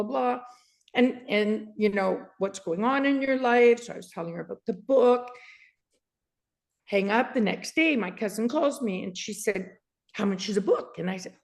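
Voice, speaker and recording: A woman in her sixties from Canada, a guest author recounting a story with frequent laughter and acted-out dialogue. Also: mid-range voice. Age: 60s. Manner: lively, laughs often, acts out quoted dialogue. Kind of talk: animated storytelling in an interview.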